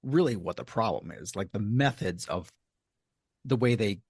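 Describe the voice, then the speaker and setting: A man's voice: fairly low pitch, animated, moderate pace, a little mellow, breathy edge, no echo, clean studio sound. A man co-hosting a podcast in casual chat, hesitant with many ums and stammered starts. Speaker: podcast co-host.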